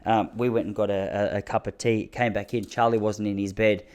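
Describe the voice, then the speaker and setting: An Australian man in his thirties, hosting a podcast and telling rambling, self-mocking comic stories with quick asides. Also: on the low side, flat delivery, darkish tone, clean tone. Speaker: podcast host. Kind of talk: comic storytelling monologue.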